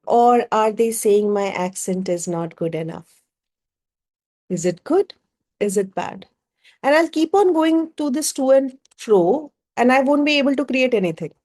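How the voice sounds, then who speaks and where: A woman's voice: fairly high pitch, lively intonation, unhurried, a little mellow. A woman with a Bengali-inflected Indian English accent, leading a group workshop as facilitator and working through ideas with rhetorical questions.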